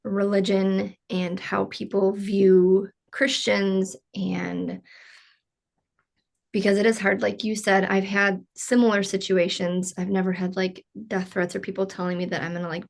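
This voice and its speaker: A woman's voice: medium pitch, flat delivery, a little slow, creaky. A woman hosting a casual podcast interview, talking earnestly with lots of "like" and "you know". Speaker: podcast host.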